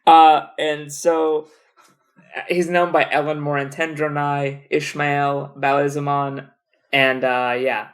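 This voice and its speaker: A man's voice: a little high, takes it slowly. Rambling, joking young man co-host. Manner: rambling, animated, joking, swears. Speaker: podcast co-host. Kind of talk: casual chat.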